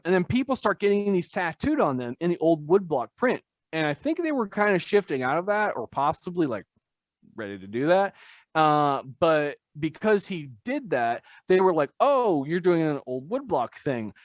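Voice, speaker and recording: A man's voice: on the high side, big pitch swings, normal speed, no echo. Rambling man with a dry, close voice. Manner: rambling, filler-heavy, self-deprecating. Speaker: tattoo artist guest. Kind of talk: casual podcast conversation.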